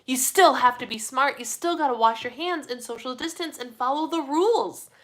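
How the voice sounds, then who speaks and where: A young woman chatting casually on a live stream, reading viewer comments, animated and full of fillers like "like". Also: high voice, moderate pace. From Midwestern United States. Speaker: host of a live community chat.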